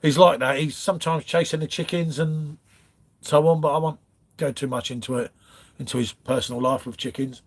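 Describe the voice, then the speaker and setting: A man's voice: on the high side, fairly even intonation, a little fast. Chatty man on a livestream. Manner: chatty, rambling, calls viewers mate. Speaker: livestream host. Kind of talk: casual live chat reading comments. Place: home front room.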